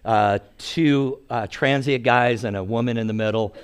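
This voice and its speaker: A man's voice: mid-range voice, moderate pace, clean tone. Humorous older male pastor preaching. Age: 60s. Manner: humorous, animated storyteller. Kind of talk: sermon with storytelling.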